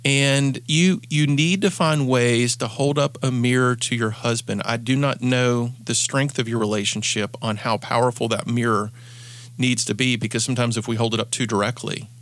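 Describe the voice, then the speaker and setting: A man's voice: medium pitch, steady tone, moderate pace, fairly bright tone. A man hosting an advice show as a coach, telling stories earnestly and often restarting his sentences. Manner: earnest storytelling, frequent restarts. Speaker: podcast host and coach.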